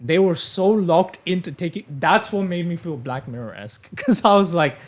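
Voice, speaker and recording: A man hosting a casual podcast, telling a story with lots of energy and swearing along the way. His voice sits somewhat high for a man and he keeps it lively. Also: moderate pace. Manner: animated storyteller, swears freely. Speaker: podcast host.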